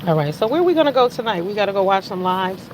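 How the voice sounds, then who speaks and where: A woman around fifty hosts a loose livestream chat, talking straight to her viewers. She swings from loud bursts down to quiet asides. There is a faint hiss of noise behind her. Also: sing-song, fast talker. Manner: chatty, swings from loud exclamations to low mutters. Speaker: livestream host.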